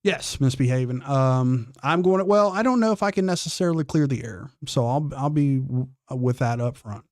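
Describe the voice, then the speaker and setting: A man's voice: medium pitch, animated, moderate pace, few pauses, a little mellow, dry recording, clean studio sound. A man hosting a casual livestream, reading chat comments and giving blunt, profane, defiant opinions while drawling through restarts. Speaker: livestream host.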